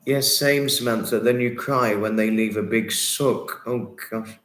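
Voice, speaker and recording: A man's voice: lowish voice, measured pace, a bit bright. Effusive male livestream host, roomy sound. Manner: effusive, sympathetic, repeats himself often. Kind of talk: casual chat reading viewer comments. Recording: roomy echo.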